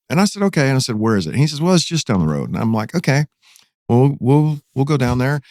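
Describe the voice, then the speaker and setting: Animated middle-aged Texan pastor telling stories. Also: male voice, mid-range voice, fast talker, dry recording, clean studio sound. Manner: animated, dramatic retelling with rising excitement. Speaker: pastor and guest storyteller. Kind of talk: casual storytelling in a podcast interview.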